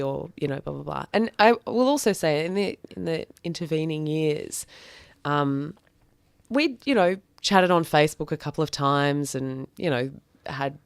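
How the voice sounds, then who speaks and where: A woman's voice: low voice, clean tone, no room sound, studio quality. A woman, a podcast guest, telling a personal story frankly and reflectively, with plenty of fillers.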